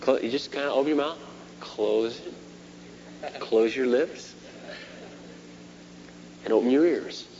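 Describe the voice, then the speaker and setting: A middle-aged man preaching a sermon, animated, swinging between loud emphasis and quiet asides. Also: medium pitch, slow pace, pauses often. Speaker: pastor. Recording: dull lo-fi sermon tape with faint hum.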